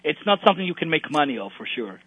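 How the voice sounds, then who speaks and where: A man's voice: fairly high pitch, sing-song, a bit bright, breathy edge. Israeli man on a tinny line. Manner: halting, many restarts, plain non-native phrasing. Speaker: guest bodybuilder. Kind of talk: casual interview. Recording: tinny phone-like line, dry.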